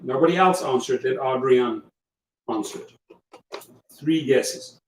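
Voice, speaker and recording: Hosting a casual livestream, this man coaches his audience with emphatic repetition, speaking with a South African accent though German is his first language. His voice is medium-pitched, a little slow and darkish, captured from a distance in an echoey room with faint noise.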